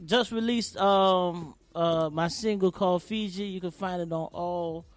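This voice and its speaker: High-voiced man plugging his work. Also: fairly even intonation, unhurried, no echo. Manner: hesitant, full of fillers. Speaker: guest comedian and musician. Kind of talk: casual plug.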